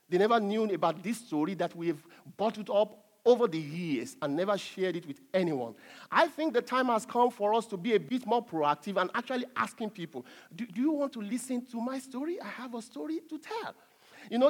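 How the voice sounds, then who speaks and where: High-voiced emphatic male preacher. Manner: emphatic preaching, drops to soft asides, chuckles. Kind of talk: sermon.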